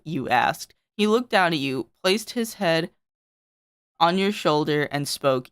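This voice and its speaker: Woman reading fan fiction in a low, lively voice. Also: slow, clean tone, no echo, studio quality. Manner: laughs often, swears, breaks off to comment. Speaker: streamer. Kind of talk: reading old fan fiction aloud for laughs.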